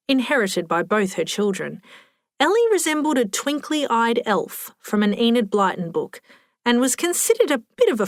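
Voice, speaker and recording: Woman, audiobook narrator, wry delivery, medium pitch, close dry studio sound. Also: no echo. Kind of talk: scripted narration.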